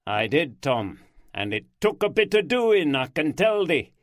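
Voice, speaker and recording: A man's voice: a little high, big pitch swings, unhurried, no echo, clean studio sound, voice pushed up. A man voicing a blunt, plain-spoken middle-aged Yorkshire detective.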